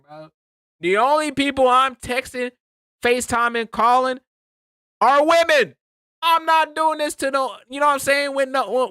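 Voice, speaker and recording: A man's voice: very high-pitched, pushed and bright, smooth, dry recording, clean studio sound. A man streaming, reacting to a clip in a casual, slangy way, often laughing.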